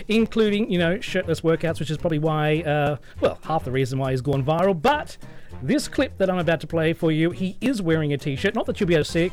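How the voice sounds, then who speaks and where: A man hosting a radio show, chatty and quick to laugh. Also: a little high. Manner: chatty, laughs easily, many fillers. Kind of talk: casual radio chat.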